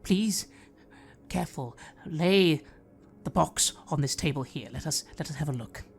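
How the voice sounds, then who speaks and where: A game master voicing a middle-aged tiefling archmage woman who speaks in a measured, courteous and commanding way. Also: mid-range voice, vocal fry. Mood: formal.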